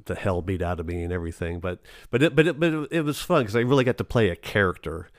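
A man chats about his acting work in a relaxed interview. His voice sits on the low side and sounds close and dry. He rambles, stumbling through restarts and fillers. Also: fast talker, no echo. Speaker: actor, interview guest. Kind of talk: casual conversational interview.

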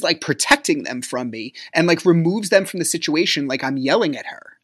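Guy hosting a podcast, telling his own story, tons of "like", swings up and down a lot, gets quiet at times. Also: fairly high pitch, sing-song, normal speed, few pauses, breathy edge. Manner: rambling, frequent filler "like". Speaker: podcast host. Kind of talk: personal storytelling.

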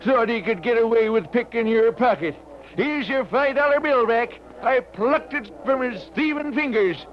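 An actor playing a blunt, folksy old country uncle with a rural drawl, in 1940s radio acting. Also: male voice, very high voice, normal speed. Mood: scornful. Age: older. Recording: dull vintage radio recording.

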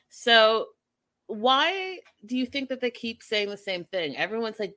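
A woman's voice: mid-range voice, big pitch swings, normal speed, fairly bright tone. A young woman giving blunt, sarcastic commentary in a casual way, swearing at times.

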